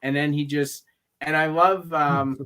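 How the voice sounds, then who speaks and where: A man chatting casually as a guest on a livestream, relaxed and laughing along. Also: fairly high pitch, measured pace, slight background noise. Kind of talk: casual chat.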